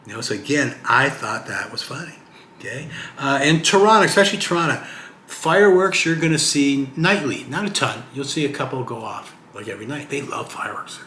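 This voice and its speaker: A man's voice: medium pitch, animated, brisk, pushed and bright. Chatty retired man, roomy echo. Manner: chatty, rambling, keeps asking "okay?". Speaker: retired vlogger. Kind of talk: casual talking-head vlog. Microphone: camera mic. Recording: roomy echo, faint hiss.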